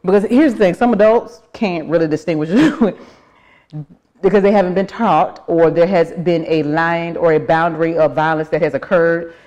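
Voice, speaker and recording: A woman's voice: fairly low pitch, normal speed, a little mellow, muffled recording. A middle-aged woman with a Southern US accent hosting a casual livestream, chatting and greeting viewers by name. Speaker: livestream host. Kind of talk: casual live-stream chat.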